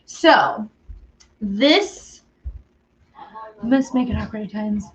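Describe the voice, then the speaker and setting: A woman's voice: medium pitch, big pitch swings, slow pace, pauses often, fairly bright tone, dull audio. A woman hosting a casual baking stream, chatting bubbly with viewers and a small child. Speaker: baking show host. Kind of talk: casual baking livestream chat.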